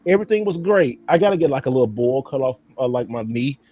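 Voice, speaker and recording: A man's voice: medium pitch, animated, fast, dark tone, dull audio. A man in casual live-stream chat, talking loosely to viewers as y'all and cussing freely. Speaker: podcast host.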